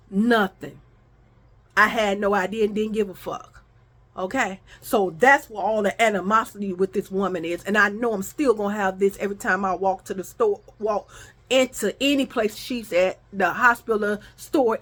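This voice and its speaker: A middle-aged woman vlogging, telling a story in casual chat with animated, profane talk, often calling her viewers y'all. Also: on the high side.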